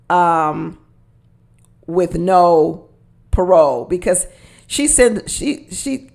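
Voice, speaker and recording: Woman doing a chatty reality tv recap, kinda gravelly fry in her voice, gossipy, talks to y'all. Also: lowish voice. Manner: chatty and gossipy, addresses listeners as y'all, laughs often. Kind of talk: casual reality show recap commentary.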